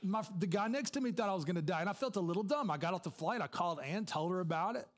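A man's voice: sits high, animated, fast talker. A man preaching a sermon as a pastor, telling a personal story in a conversational way with asides to the congregation.

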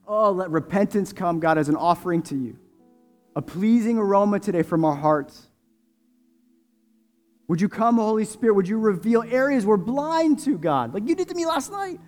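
A male pastor leading his congregation in prayer before communion, moving from hushed, slow prayer to loud, impassioned preaching. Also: high-pitched, sing-song, soft background music. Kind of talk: sermon and prayer.

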